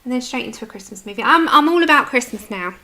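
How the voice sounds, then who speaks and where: A woman from the UK chats casually to her livestream viewers while she colours, answering their comments as they come in. Her voice sits a little high and sounds bright and forceful. She talks at a desk microphone. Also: expressive, fast. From United Kingdom.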